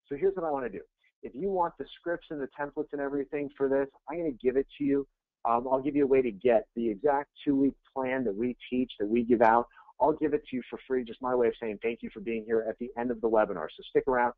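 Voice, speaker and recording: A man coaching real estate agents in a webinar, energetic and conversational, blunt and quick to go off on tangents. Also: medium pitch, dry recording. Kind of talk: webinar presentation. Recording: tinny, dry phone-like webinar audio.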